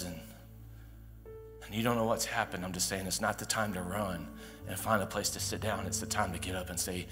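Male pastor, deep voice, conversational sermon delivery with emphatic swells, church hall reverb. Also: steady tone, fairly quick. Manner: conversational preaching with emphatic rises and quiet asides. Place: church sanctuary. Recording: long hall reverb with faint music.

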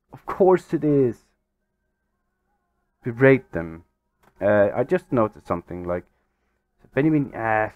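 A man hosting a gaming channel, giving excitable, exasperated let's-play commentary over a football management game. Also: fairly low pitch, dry recording, muffled recording. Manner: exasperated, excitable, swears mildly.

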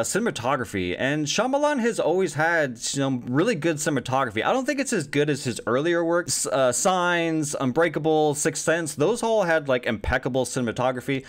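A man giving a casual spoken movie review, animated and swearing freely, with lots of fillers. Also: mid-range voice.

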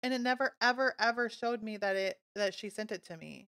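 Bubbly bright-voiced woman streamer. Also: fairly high pitch, a little fast. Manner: bubbly, gushing and easily excited. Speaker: game streamer. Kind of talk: casual live-stream chat while playing.

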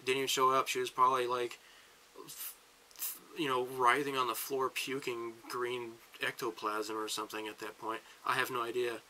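Sharp-voiced man ranting. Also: medium pitch, flat delivery, slight background noise, rough recording. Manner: ranting, halting restarts. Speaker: vlogger. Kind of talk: political rant.

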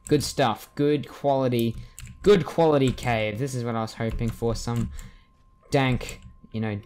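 A man narrating his own gameplay into a desk mic, mid-pitched and full of jokes, jumping from muttered asides to excited yelps. Faint keyboard and mouse clicks tick along underneath. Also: slight background noise. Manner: excitable, jokey, yelps and laughs at the game. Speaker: gaming YouTuber. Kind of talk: let's play commentary.

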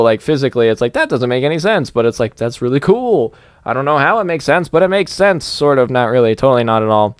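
A young man commentating his game in a loose, rambling way, giggling and thinking out loud. His voice is smooth and resonant, close on the mic. The sound is dry, with no room around it. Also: mid-range voice, sing-song, fast talker, dry recording. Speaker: gaming YouTuber. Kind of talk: let's play commentary.

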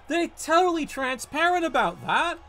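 Male streamer, high-pitched, exasperated sarcastic game commentary, lots of swearing. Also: big pitch swings, moderate pace, sharp tone. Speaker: gaming streamer. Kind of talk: ranting live game commentary.

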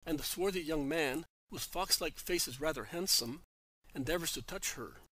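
A man narrating a religious story in a steady, measured reading voice. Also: on the high side, no room sound, rough recording.

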